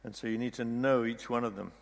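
A man's voice: mid-range voice, fairly even intonation, fast, creaky, big-room sound, a little hiss or hum. A man telling a long story to listeners, often restarting and repeating words as he goes. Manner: rambling storyteller with frequent restarts. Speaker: speaker retelling a story from a book. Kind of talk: storytelling talk.

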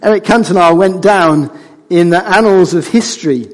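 A man preaching a sermon, conversational and animated, joking with the congregation. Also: high-pitched, moderate pace. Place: church hall. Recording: church hall with long reverb.

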